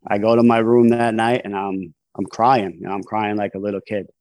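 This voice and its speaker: A man's voice: lowish voice, flat delivery, fairly quick, darkish tone, dry recording. A man, a podcast guest, tells his story candidly in casual interview talk, with frequent fillers and restarts. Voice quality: conversational, frequent "you know" fillers and restarts. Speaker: podcast guest, author in long-term recovery.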